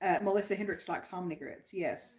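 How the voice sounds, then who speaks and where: A woman with an Appalachian accent co-hosts a livestream, chatting in a homey, folksy manner and reading viewer comments. Her fairly low voice is brisk and a little mellow, with a roomy echo in the recording.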